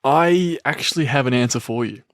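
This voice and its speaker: A man's voice: medium pitch, normal speed, a bit bright, no echo. Easygoing Australian male co-host, agreeable, dry close recording. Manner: laid-back, agreeable, lots of "yeah". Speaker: podcast co-host. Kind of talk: casual chat.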